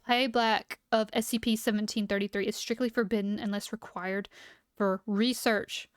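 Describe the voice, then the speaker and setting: A woman's voice: medium pitch, fairly even intonation, moderate pace, clean tone, no echo, clean studio sound. A young woman streamer reading aloud and chatting casually, her voice a bit worn as she is losing it. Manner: chatty, reads aloud then reacts.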